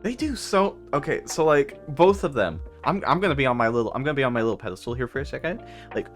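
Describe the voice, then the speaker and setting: A woman livestreaming in casual chat, telling funny stories through fits of laughter and gushing shout-outs to viewers. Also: very deep voice, expressive, fast, soft background music. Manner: giggly, bursts into laughter while storytelling.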